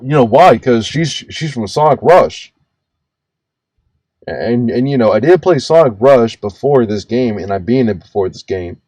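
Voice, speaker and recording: A man's voice: medium pitch, lively intonation, a little slow, darkish tone, no echo. A man in his twenties ranting in reaction commentary, stammering, restarting his words and swearing freely. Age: 20s. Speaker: commentary host reacting to a video.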